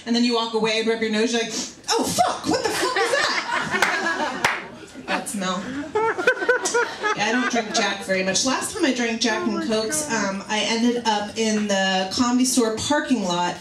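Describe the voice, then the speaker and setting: A woman in her thirties doing a stand-up comedy set in a bar, telling bawdy stories with animated, acted-out quotes. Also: fairly high pitch. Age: 30s. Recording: echoey club with loud noise. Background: audience laughter.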